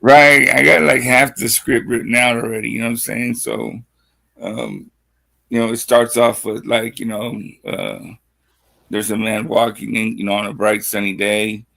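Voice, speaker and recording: A man's voice: medium pitch, little pitch movement, moderate pace, vocal fry, bright, forceful tone. A sleepy man who has just woken up, guesting on a livestream and rambling through a story with lots of fillers and crude slang.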